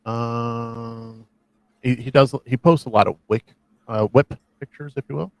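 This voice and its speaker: A man with a gravelly, creaky voice chats loosely on a live stream. He rambles and jokes at his own expense. The sound is dry and close. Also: medium pitch, fairly even intonation, measured pace, darkish tone, no echo. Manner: rambling, self-deprecating jokes. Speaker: co-host. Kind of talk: casual chat on a live stream.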